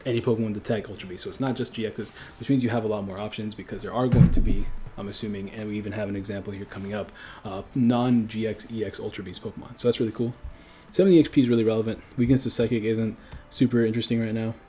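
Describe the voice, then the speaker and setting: A man's voice: lowish voice, fairly even intonation, quick pace, dark tone, a little hiss or hum. A man from a French-speaking country chatting casually on a livestream, rambling and correcting himself as he goes, with frequent chuckles. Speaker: streamer.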